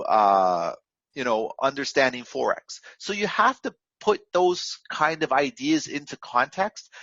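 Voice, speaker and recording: A man's voice: a little high, a bit bright, no echo, dull audio. Rambling man giving a trading pep talk. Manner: rambling, filler-heavy, repetitive, instructive. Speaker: forex trading coach. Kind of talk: casual motivational talk.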